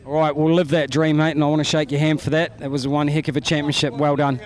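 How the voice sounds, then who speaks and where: A man's voice: a little high, level tone, fast. A man with a New Zealand accent interviewing drivers trackside after a race, upbeat and chatty. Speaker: pit interviewer. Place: outdoors at a speedway.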